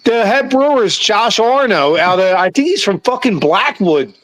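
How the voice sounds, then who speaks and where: A man's voice: high voice, very animated, normal speed, a bit bright. A man, co-hosting a casual chat about beer and sports, laid-back and casually profane. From South Jersey / Philadelphia area. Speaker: co-host.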